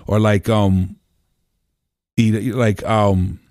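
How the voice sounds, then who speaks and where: Low, mellow-voiced man telling rambling stories. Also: flat delivery, drawn-out words, no echo, studio quality. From Pennsylvania. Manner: rambling, lots of "you know" fillers, swears casually. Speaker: podcast guest. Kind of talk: casual storytelling conversation. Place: home room.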